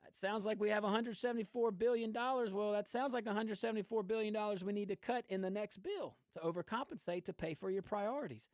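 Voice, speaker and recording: A man's voice: sits high, fast, few pauses, no echo. Guy hosting a politics show, fired up, laughs a lot, dry close sound. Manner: animated, ranting, laughs often. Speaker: host. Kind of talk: political commentary.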